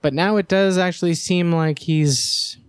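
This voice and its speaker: A man's voice: a little high, measured pace, clear, resonant tone, no echo. A man hosting a casual podcast chat who steers the talk and plays mock-stern. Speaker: podcast host.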